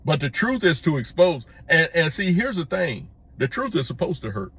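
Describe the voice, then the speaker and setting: A middle-aged man giving an opinion commentary to his viewers, plain-spoken and emphatic, repeating his points and pushing his pitch up when he presses one. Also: big pitch swings, normal speed, a bit bright, husky. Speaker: commentary vlogger.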